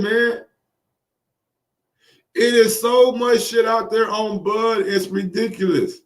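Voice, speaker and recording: A man hosting boxing commentary, reacting in casual, profane, excitable talk and repeating phrases for emphasis. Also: high voice, slow, pauses often, echoey room, recorded from a distance. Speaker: boxing commentary channel host.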